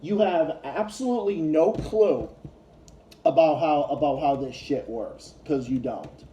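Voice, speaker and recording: A man's voice: fairly high pitch, measured pace, warm tone, reverberant, dull audio, slight background noise. A man ranting in a casual commentary vlog, heated and profane, often restarting his sentences. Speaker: YouTube commentator.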